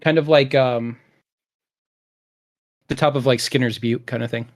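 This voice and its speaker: A man's voice: medium pitch, steady tone, a little slow. A man narrating as game master of a tabletop role-playing game, rambling with many fillers as he builds scenes.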